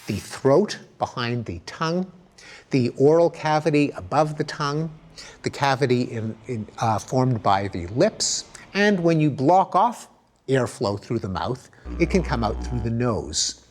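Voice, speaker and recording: A man's voice: medium pitch, big pitch swings, measured pace. A middle-aged man giving a recorded academic lecture, explaining ideas and demonstrating sounds aloud with emphatic intonation.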